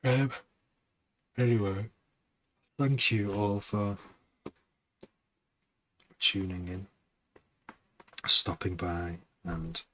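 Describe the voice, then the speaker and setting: A man producing music on a live stream, chatting casually in a low-key, somewhat monotone way as he thinks out loud. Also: extremely slow, pauses often. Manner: rambling, self-correcting, thinking out loud.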